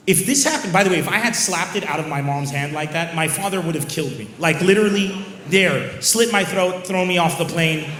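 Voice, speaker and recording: A male stand-up comedian telling a story on stage, animated and acting out characters. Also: high voice, a little hiss or hum. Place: comedy show venue. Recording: echoey venue with faint ambience.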